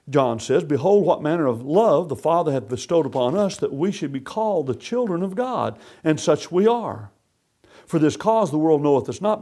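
A man gives a scripture lesson in a slightly raised voice. His pitch rises and falls widely as he stresses words. He reads old scripture formally and then explains it plainly. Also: darkish tone. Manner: measured, emphatic delivery with formal King James readings. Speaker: Bible class teacher.

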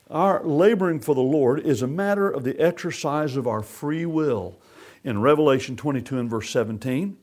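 A man teaching a Bible lesson, reading scripture aloud in a measured, emphatic way and then explaining it. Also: fairly high pitch, a little mellow. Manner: measured, emphatic delivery with formal King James readings.

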